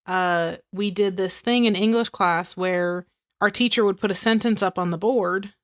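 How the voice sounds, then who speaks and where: A woman's voice: medium pitch, moderate pace, dry recording, clean studio sound. A woman with a Southern US accent, co-hosting a podcast in casual chat and telling stories with frequent laughter. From American South. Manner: chatty storyteller, laughs often. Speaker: podcast co-host.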